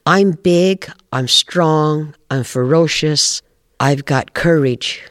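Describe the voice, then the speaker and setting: A man's voice: fairly high pitch, takes it slowly, fairly bright tone, no echo, clean studio sound. A man voicing a big, strong female bear who boasts of her courage. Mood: boastful.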